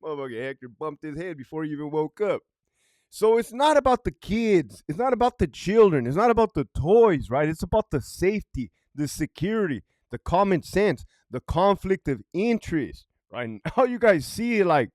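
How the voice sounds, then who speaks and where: A man on a casual vlog tells a story bluntly and swears constantly. His voice sits a little high for a man and leaps around with a lot of movement, and the sound is close and dry with no room echo. He drops from loud outbursts to low mutters and chuckles between points. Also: very animated, normal speed. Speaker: vlogger, prison guard commentator.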